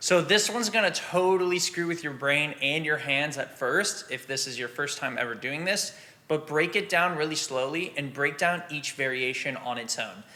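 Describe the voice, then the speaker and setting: A man teaching drum rudiments in a relaxed, practical way, sometimes scatting the rhythms aloud. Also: fairly high pitch, normal speed, background noise. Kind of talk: instructional explanation.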